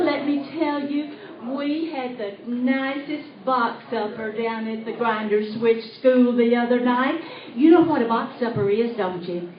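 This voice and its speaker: Woman putting on a giggly southern country gal, slow and a bit high, echoey far-off live recording. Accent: rural Southern US. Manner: folksy, hollering, giggly storytelling. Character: chatty rural country gal, hat with price tag. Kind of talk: live comedy impersonation monologue. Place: live stage show. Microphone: tablet recording from the audience. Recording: echoey, distant, dull live recording with faint hiss.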